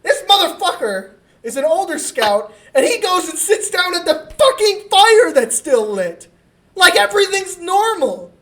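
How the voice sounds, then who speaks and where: A woman co-hosting a podcast, telling a comic story in a casual, profane and animated way. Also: extremely high pitch, a little slow. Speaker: podcast co-host.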